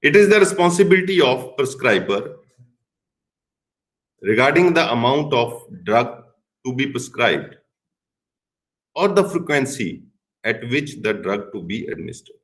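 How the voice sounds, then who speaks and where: In a sing-song, mid-pitched voice, a middle-aged pharmacy professor with an Indian English accent delivers a recorded lecture in deliberate, measured phrases. He leans hard on the key words and occasionally shifts into Hindi to explain things. The recording quality is low.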